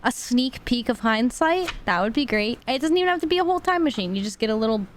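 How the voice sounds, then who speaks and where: A woman with a fairly high voice, chatting loosely on a podcast. She jokes, swears freely and keeps the talk rolling. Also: lively intonation, fast, a little hiss or hum. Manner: laughs often, swears, chatty. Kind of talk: casual chat.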